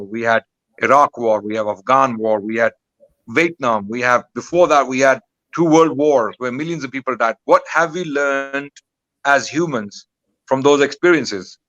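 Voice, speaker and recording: A man's voice: mid-range voice, fairly bright tone, no room sound, muffled recording. A man giving impassioned commentary as a guest, indignant and full of rhetorical questions.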